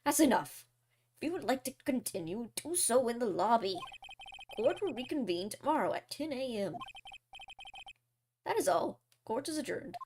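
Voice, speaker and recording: A woman's voice: on the high side, sing-song, moderate pace, pauses often, darkish tone, a little hiss or hum. A woman voicing a stern older male judge in a formal, commanding way.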